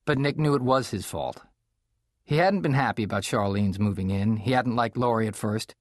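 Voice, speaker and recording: A man narrating a children's audiobook in a measured, expressive storytelling manner, close to the mic. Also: on the low side, dry recording. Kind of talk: scripted narration. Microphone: close studio mic.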